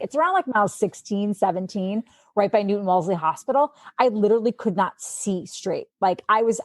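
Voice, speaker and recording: A woman in the middle of her pitch range tells a story on a podcast guest spot, rattling it off with "like" in every line and playing out what everyone said. The sound is dry and close, with no room around it. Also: dry recording. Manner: chatty, fills speech with "like"; animated, acts out quotes. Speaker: sports anchor guest. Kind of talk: casual storytelling.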